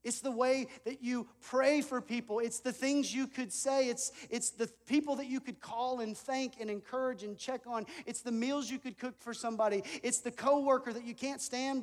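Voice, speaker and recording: A man in his thirties preaching a sermon, earnest and conversational, telling a personal story with self-deprecating asides. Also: very high voice. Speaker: pastor. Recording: long reverb of a large hall.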